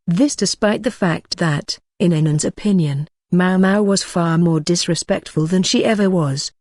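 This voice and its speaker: A woman narrating a light novel audiobook with steady, even reading. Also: lowish voice, moderate pace, hardly any pauses, no room sound, clean studio sound. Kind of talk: scripted narration.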